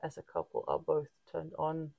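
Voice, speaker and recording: Low, deeply gravelly woman talking candidly. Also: flat delivery, no room sound, narrow, tinny audio. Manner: halting, frequent restarts and fillers; open and reflective. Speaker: podcast co-host. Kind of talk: candid casual chat.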